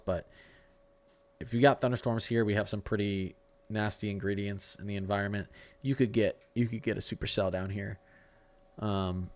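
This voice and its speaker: A man with a fairly low voice hosts a live severe-weather stream, talking his viewers through the radar and the models. His delivery is loose and conversational. He restarts sentences and fumbles over tricky place names. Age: adult with a young son. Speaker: livestream weather host. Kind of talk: casual live-stream weather commentary, answering chat.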